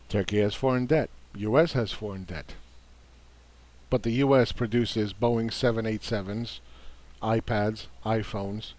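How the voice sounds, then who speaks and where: A man's voice: fairly low pitch, darkish tone. Combative man on market commentary. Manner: combative, dismissive, repeats words for emphasis. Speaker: investing commentator.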